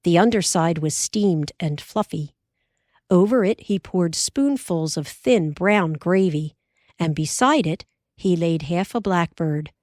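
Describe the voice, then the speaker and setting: This is a woman narrating an audiobook at a slow, measured pace. Her voice sits fairly low, and the recording is close and dry. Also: a little mellow, no room sound. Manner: measured and unhurried. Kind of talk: scripted narration.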